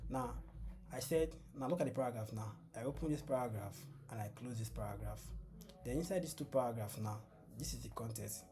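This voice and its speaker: A man giving a screen-share coding lesson, patient and repetitive, often asking the class "what?" and then answering himself. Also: medium pitch. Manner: asks the class fill-in questions and answers them himself. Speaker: coding tutor. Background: background music.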